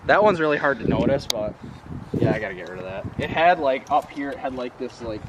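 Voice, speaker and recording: A man's voice: mid-range voice, expressive, a little fast. A man chatting casually outdoors, explaining things with lots of "like" and easy laughs. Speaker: truck owner, guest. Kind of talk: casual chat. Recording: muffled, very noisy outdoor audio.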